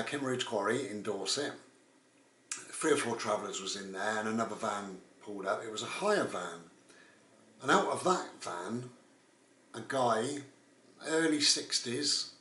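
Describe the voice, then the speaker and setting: A man's voice: medium pitch, lively intonation, measured pace, a bit bright, slight background noise. A man, telling a rambling, casual story as a vlogger. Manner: rambling, with frequent "and all the rest of it". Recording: roomy, distant mic.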